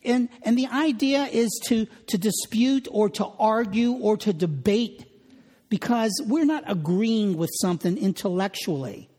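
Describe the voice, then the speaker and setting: A man preaching a sermon, slowing down and repeating words as he reads and explains scripture. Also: high-pitched, warm tone. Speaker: pastor. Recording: long reverb of a hall.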